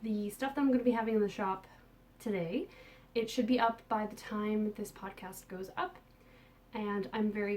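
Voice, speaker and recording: A woman hosting a casual podcast, talking enthusiastically about yarn she has dyed and received, with soft muttered asides. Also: medium pitch, moderate pace. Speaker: podcast host and yarn dyer. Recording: distant mic with faint background noise.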